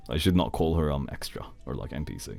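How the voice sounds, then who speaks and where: A man's voice: rumbling low, fast talker, gravelly, darkish tone, soft background music. A man chatting casually on a live stream, rambling and playful, joking with his chat and dropping in foreign phrases.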